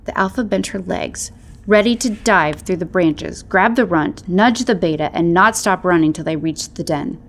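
A woman narrating a storybook tale in a measured, soft-spoken way. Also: on the low side.

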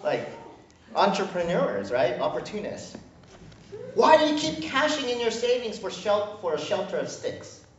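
A male pastor with a fairly high voice preaches a sermon, cracking jokes and acting out the voices of God and people in an animated way. He's recorded from a distance in a church, so the hall mic sounds echoey and muffled, with slight background noise.

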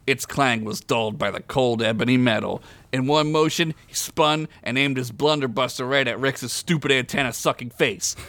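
A man's voice: medium pitch, normal speed, few pauses, fairly bright tone, no echo. A man hosting a comedy podcast, reading his own silly adventure story aloud with jokey asides and frequent laughter. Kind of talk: comic story reading with banter.

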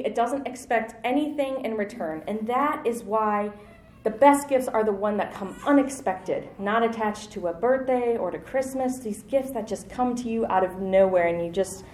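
A woman's voice: medium pitch, a little mellow. Woman preaching a chatty sermon in an echoey room. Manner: conversational and self-deprecating, with light laughs.

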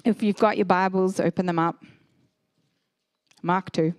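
A woman in her thirties preaching a sermon as a pastor, telling stories in an animated way and acting out the people in them. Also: fairly low pitch, unhurried, clean tone, no room sound, clean studio sound. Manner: animated storyteller, acts out characters.

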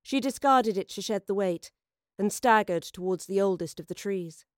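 A woman narrating an audio drama in a measured, dramatic storytelling manner. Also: medium pitch, dry recording, clean studio sound.

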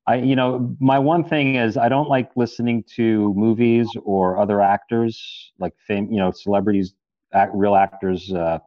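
A man's voice: lowish voice, little pitch movement, moderate pace, no echo, highs cut off. A man, an actor, chatting casually in an interview, rambling with many restarts and fillers.

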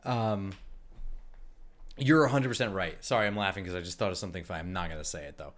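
A man's voice: low voice, animated, brisk. Blunt, wry man in sports chat. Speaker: podcast co-host.

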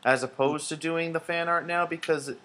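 A man co-hosting a casual podcast, talking in a relaxed, conversational way. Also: a little high, moderate pace.

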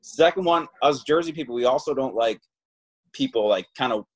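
A man's voice: mid-range voice, lively intonation, brisk, slightly rough, low-quality recording. A man in casual chat, telling stories animatedly and acting out both sides of the exchanges.

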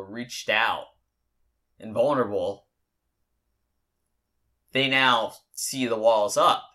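A young adult man hosts a podcast in a mid-range voice that sounds pushed and bright. He tells a personal story in a candid, rambling way, swearing a lot.

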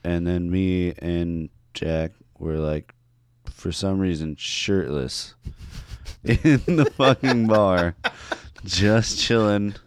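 A man's voice: low voice, extremely slow, clear, resonant tone. A man from San Francisco, a musician guest in casual chat, laid-back and rambling with many "like"s.

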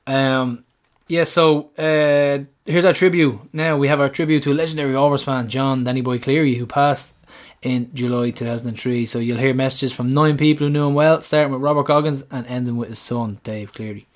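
A man co-hosting a casual football podcast, excitable and swearing freely. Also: medium pitch. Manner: excitable, swearing, laughs often. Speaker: podcast co-host.

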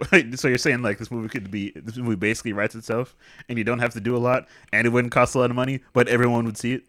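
A man in casual movie chat who cracks wry, quick jokes and laughs often. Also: medium pitch, fairly even intonation, fairly bright tone, no room sound.

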